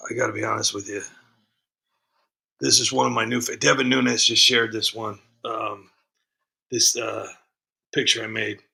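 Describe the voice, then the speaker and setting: Gravelly, bright-voiced man hosting a livestream. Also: on the low side, flat delivery, normal speed, long pauses. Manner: rambling, frequent ums and restarts. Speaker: livestream host. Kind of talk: casual livestream chat reading comments.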